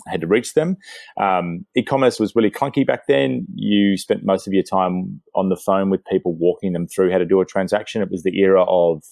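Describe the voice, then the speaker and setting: Middle-aged Australian man, very deep voice, dry sound, relaxed and hesitant guest. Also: no room sound. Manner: relaxed, frequent "um" and "uh". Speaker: interview guest, retail expert. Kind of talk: self-introduction in an interview.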